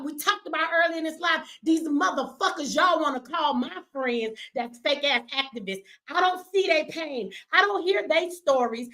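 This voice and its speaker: Middle-aged female activist host; fierce, emphatic, cursing, teary; bright, high voice. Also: animated, normal speed, hardly any pauses. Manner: angry, profane, emphatic. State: crying. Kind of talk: impassioned livestream rant.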